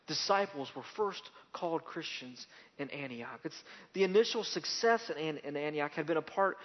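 A male pastor delivers a sermon in a slightly high voice, pressing points home with repetition and rising emphatic bursts. The sound is dull and lo-fi, and a long reverb trails after each phrase. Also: expressive, moderate pace.

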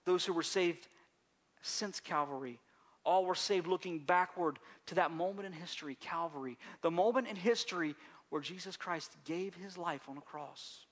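A male pastor preaching a sermon in a church service, moving between hushed, gentle passages and raised, emphatic appeals, with frequent repeats and restarts. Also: sits high, moderate pace. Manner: repeats phrases and restarts mid-sentence, conversational preaching.

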